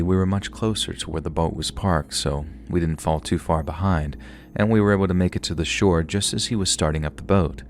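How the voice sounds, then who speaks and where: A very deep male voice reads a horror story aloud in a calm, steady way. Faint hiss sits underneath the recording. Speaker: narrator. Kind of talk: scripted horror story narration.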